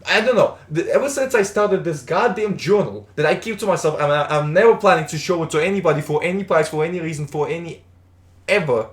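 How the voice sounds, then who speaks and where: A man's voice: on the high side, quick pace, echoey room. A man streaming in a casual, rambling chat, stumbling and repeating words, with the odd swear.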